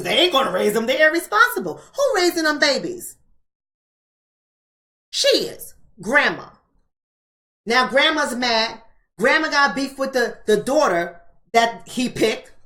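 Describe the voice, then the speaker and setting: A woman hosts a live-streamed book club, preaching her points bluntly and hammering them home with repeated rhetorical questions. Her voice sits a little high and carries a bright, forceful edge.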